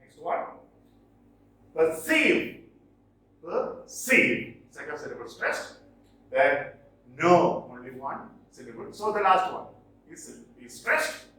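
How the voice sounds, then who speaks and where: A male teacher gives a slow, deliberate poetry lesson, his pitch leaping up as he stresses and repeats words. His voice rings through a very echoey room, heard from some distance off the mic. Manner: emphatic, repeats key words slowly, with lively pitch jumps. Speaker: English teacher. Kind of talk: classroom lecture on poetry. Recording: roomy echo, distant from mic.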